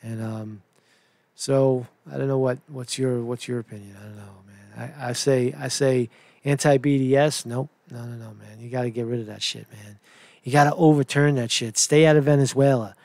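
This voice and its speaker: A man's voice: mid-range voice, fairly even intonation, normal speed, a little mellow, no echo. A man giving solo political commentary, reading news aloud and reacting indignantly, rambling with frequent "right?" asides and swearing.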